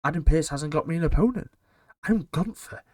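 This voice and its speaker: A man doing a quick, offhand paraphrase of a boastful, aggrieved male wrestling champion. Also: on the high side, a little mellow, no echo, clean studio sound, lightly acted. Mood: complaining.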